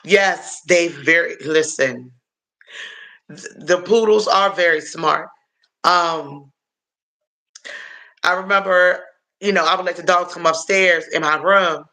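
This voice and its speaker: A man hosting a live stream, chatting in a rambling way, answering viewers' comments, calling them y'all, and filling pauses with um and uh. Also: a little high, bright, forceful tone. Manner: halting, with frequent um and uh fillers. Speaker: livestream host answering chat. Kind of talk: casual live-stream chat.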